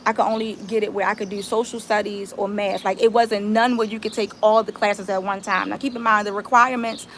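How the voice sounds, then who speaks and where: A woman, telling a story on a live stream in casual, animated talk and swearing freely. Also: mid-range voice, fairly quick, few pauses, a little hiss or hum. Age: 30s. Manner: animated, swears freely, talks straight to viewers. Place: outdoors.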